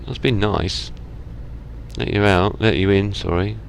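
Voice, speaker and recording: A man's voice: lowish voice, fairly even intonation, a little slow, gravelly. A man with an English accent giving casual, self-mocking commentary while playing a truck driving game and talking back to the traffic. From England. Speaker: let's play gamer. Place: home, at a driving-sim rig.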